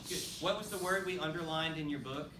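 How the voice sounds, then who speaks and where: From far across an echoey, bright room, a male band teacher instructs his school class, speaking a little fast in a fairly high voice. He counts beats, names students, and spurs them on over constant noise of students and instruments, captured in a distant, noisy recording.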